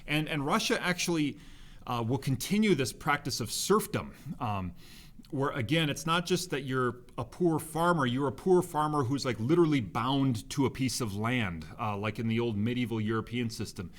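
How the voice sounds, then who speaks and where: A man's voice: medium pitch, lively intonation, moderate pace. Chatty man teaching history. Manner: conversational, many fillers and restarts. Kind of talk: recorded classroom lecture.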